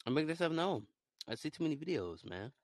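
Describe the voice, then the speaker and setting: A young man with a fairly high voice rambles on in an excitable solo monologue, dropping to low mutters and then bursting out loud. The recording is close and dry, with no room sound around him. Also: quick pace, no echo. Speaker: podcaster.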